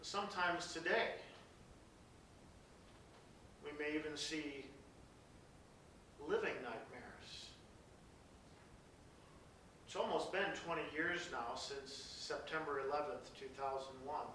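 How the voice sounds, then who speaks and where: A pastor preaching a sermon, reading scripture dramatically and dropping into soft, hushed passages. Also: male voice, fairly high pitch, unhurried, pauses often, slight background noise. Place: large church. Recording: very echoey church from a distance.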